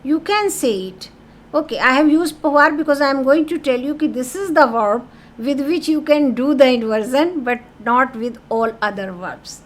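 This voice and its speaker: High-voiced woman teaching French. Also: animated, moderate pace. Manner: explains patiently, asks "okay?" often; reads French phrases then translates them to English. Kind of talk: classroom grammar lesson.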